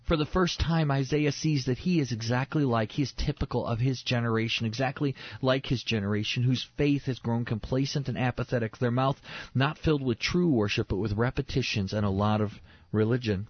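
A man's voice: mid-range voice, moderate pace, no room sound. A man teaching the Bible in a sermon style, emphatic and repeating key phrases for stress. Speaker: preacher on a faith show. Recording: dull lo-fi sound.

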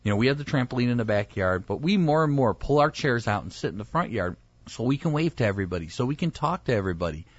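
A man's voice: medium pitch, fast talker, husky, no room sound, dull audio. A male pastor chatting casually, telling stories and acting out the people in them. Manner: animated storyteller, acts out quoted voices. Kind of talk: casual chat.

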